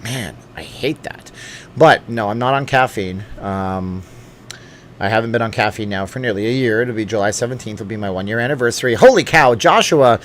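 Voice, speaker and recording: A man's voice: lowish voice, brisk, a bit bright. A middle-aged man hosting a casual late-night livestream from home, reading viewer comments aloud and joking with asides. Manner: chatty and joking, thinks aloud with fillers and asides. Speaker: channel host answering live chat.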